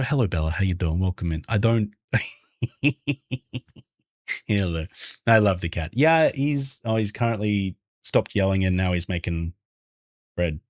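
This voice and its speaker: Hushed, low-voiced Australian man streaming. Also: no room sound, studio quality. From Brisbane, Australia. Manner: keeps his voice hushed and low so the game won't hear him; chatty and playful, greeting viewers by name. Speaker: variety streamer and game developer. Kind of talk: casual livestream chat with viewers.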